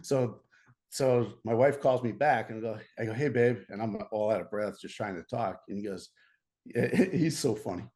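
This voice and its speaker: A man's voice: on the low side, normal speed. American man telling stories, laughing often. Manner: animated, laughing, restarts often. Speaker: podcast guest. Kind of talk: casual storytelling.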